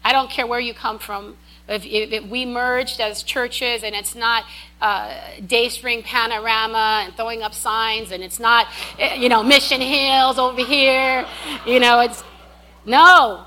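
Bright high-voiced woman preaching. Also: normal speed. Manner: emphatic, repetitive, with animated asides. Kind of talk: sermon.

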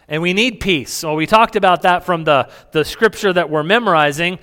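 A man's voice: fairly high pitch, a bit bright, clean tone. A man preaching a sermon as pastor, conversational, asking the congregation questions and chuckling between points. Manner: chuckles, many restarts. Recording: reverberant hall.

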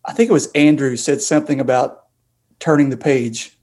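A man in a casual podcast chat, talking quickly and laughing easily. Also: mid-range voice, fairly even intonation, darkish tone, breathy edge.

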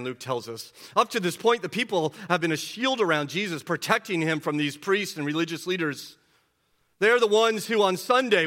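Bright-voiced preacher man. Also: fairly high pitch. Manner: rhetorical questions, swings from hushed to loud. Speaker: pastor. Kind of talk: sermon.

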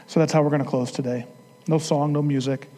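A man's voice: fairly high pitch, steady tone, fairly quick, warm tone. Earnest male pastor in a reverberant church. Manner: earnest, rising to emphatic preaching. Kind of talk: sermon. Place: church sanctuary. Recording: long hall reverb.

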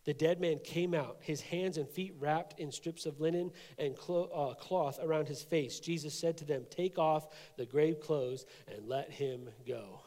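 A man's voice: on the high side, measured pace, few pauses, warm tone, big-room sound. A man preaching a sermon, reading scripture aloud and commenting on it in a casual, conversational way. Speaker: pastor.

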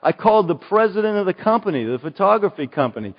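A middle-aged pastor preaching in a long, echoing hall, his fairly high voice heard through a dull, muffled recording. He tells stories earnestly, swelling into emphatic bursts and then easing down to a hushed, prayerful hush. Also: big pitch swings, fast talker. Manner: earnest storytelling, rising to emphatic outbursts then dropping to soft prayer. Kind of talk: sermon.

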